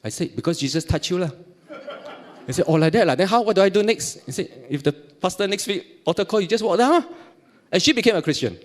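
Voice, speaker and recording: A man's voice: sits high, fast talker. A middle-aged man from Singapore with a Singaporean accent, giving a personal testimony at church and acting out the dialogue as he tells it. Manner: animated storytelling, acting out dialogue, frequent laughs.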